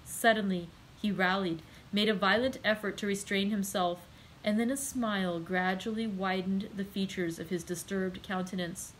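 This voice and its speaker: A woman, a librarian, reading a classic novel aloud in a measured, clear way. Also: medium pitch, fairly even intonation, slight background noise, low-quality recording. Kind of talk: audiobook read-aloud.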